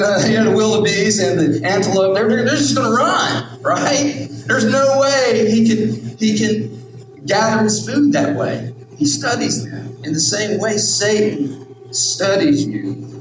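A man's voice: high voice, expressive, measured pace, noisy background. A male pastor preaching a sermon, emphatic and repetitive, often asking the crowd "right?". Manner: repetitive, emphatic, rhetorical questions. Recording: echoey hall, distant mic, music.

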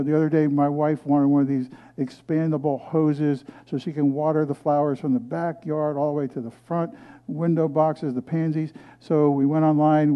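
Middle-aged preacher man, slightly high voice, story-driven sermon, lo-fi sound. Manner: storytelling preacher, swings from loud scripture reading to hushed asides. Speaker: pastor.

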